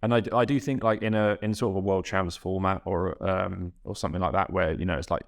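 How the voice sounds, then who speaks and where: A young man, a guest rower, reflecting in a halting, self-correcting way in a casual podcast interview. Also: deep voice, vocal fry.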